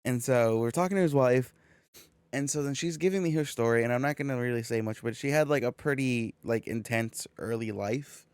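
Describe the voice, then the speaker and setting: Young man, casual podcast storytelling, swears a lot, middle pitch, dry close sound. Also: a little fast, clear, resonant tone, no room sound. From California. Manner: swearing, animated storytelling with quoted back-and-forth. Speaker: podcast co-host.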